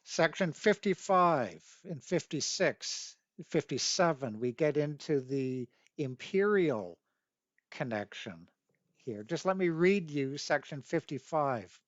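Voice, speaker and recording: A man giving a lecture, deliberately reading out legal sections and stressing key points. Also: on the high side, lively intonation, no room sound, muffled recording. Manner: deliberate, reads statutes aloud, stresses key words. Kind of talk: lecture on constitutional history. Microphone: webcam mic.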